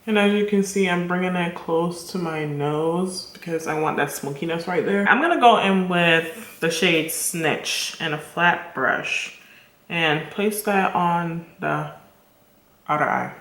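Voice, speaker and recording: A chatty woman beauty vlogger talks her viewers through a makeup tutorial with a bright, forward tone. She is upbeat and casual and speaks straight to her audience. Her voice rings in an echoey room. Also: lowish voice, measured pace. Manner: chatty and enthusiastic, addresses viewers directly.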